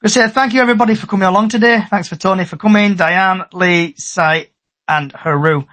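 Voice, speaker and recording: A man's voice: high voice, a bit bright. A man hosting a casual fan podcast, chatty and upbeat. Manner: chatty, upbeat, fast sign-off. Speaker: podcast host.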